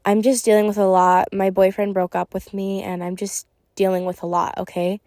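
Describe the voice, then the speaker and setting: A woman voicing her storytime's teenage best friend, who sounds evasive and then rushes out apologies. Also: mid-range voice, level tone, a little mellow, dry recording, studio quality, natural voice.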